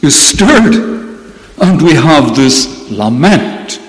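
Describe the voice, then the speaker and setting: A man preaching a sermon in a slow, deliberate way, with emphatic repetition. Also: a little high, in a large hall, low-quality recording.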